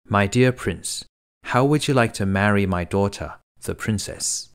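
A man voicing a gracious old king who speaks slowly, as part of a read-aloud fairy tale. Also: on the low side, clear, resonant tone, voice pushed down, lightly acted. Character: gracious old king offering his daughter.

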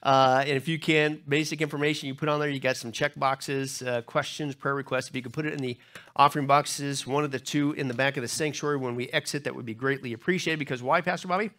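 A man's voice: mid-range voice, fairly even intonation, fast talker, a bit bright. A man, a pastor, giving church announcements in a loose, joking, chatty way with many fillers. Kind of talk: church announcements before a sermon. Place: church sanctuary.

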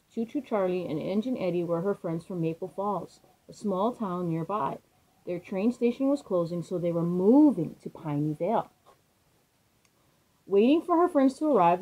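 A woman reading a children's storybook aloud in a gentle, expressive way. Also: lowish voice, breathy edge, low-quality recording.

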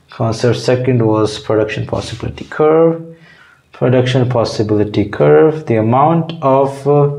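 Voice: medium pitch, warm tone, roomy sound. A comedy video creator giving a mock lecture in a teasing, mock-condescending manner.

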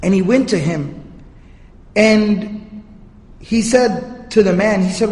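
High-voiced man lecturing in an echoey hall. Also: slow, pauses often, a little mellow. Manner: earnest storytelling, recites Arabic passages. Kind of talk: religious history lecture.

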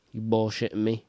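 A man's voice: on the low side, a little mellow, dry recording. A young man giving casual let's-play commentary, talking to himself, frustrated and joking as he plays. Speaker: gaming video host.

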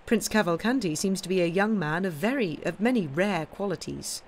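A woman's voice: lowish voice, animated, normal speed, a little hiss or hum. A woman voicing a polite, composed society lady in a storybook reading. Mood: flattering.

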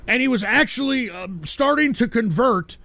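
A man hosting a livestream radio show, ranting profanely about his chat and breaking into abrasive shouting bursts. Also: extremely high pitch, animated, normal speed, no echo. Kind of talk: profane on-air rant reading chat.

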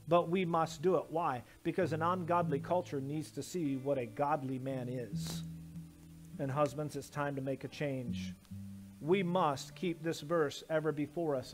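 High-voiced preaching man, emphatic. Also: fairly even intonation, unhurried, soft background music. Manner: emphatic preaching with repeated lists. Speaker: pastor. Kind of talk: sermon. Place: church sanctuary.

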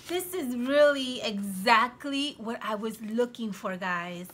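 A woman casually showing off her thrift-shop finds on camera, gushing with excitement over each one. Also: on the high side, takes it slowly, a little hiss or hum. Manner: gushing, excitable, frequent gasps and exclamations. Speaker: craft vlogger. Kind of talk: casual show-and-tell vlog.

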